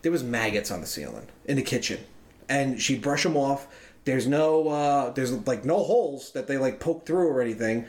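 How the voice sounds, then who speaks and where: A man's voice: mid-range voice, animated, normal speed, darkish tone. Man telling a rambling, profane story. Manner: profane, rambling, loose and chatty. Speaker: podcast co-host. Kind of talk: casual storytelling among friends. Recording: roomy echo.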